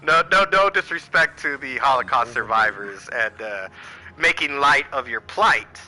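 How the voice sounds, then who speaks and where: A man's voice: medium pitch, expressive, a little slow, sharp tone, soft background music, poor audio. An American man giving a heated, profane political rant to camera, firing off rhetorical questions. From United States. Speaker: channel host.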